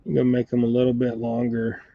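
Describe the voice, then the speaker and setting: Gravelly laid-back man at a tying bench. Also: mid-range voice, monotone, fast talker, dry recording. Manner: rambling, laid-back, laughs often. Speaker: fly and jig tier, channel host. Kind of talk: casual tying demonstration chat. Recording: dull lo-fi dry sound.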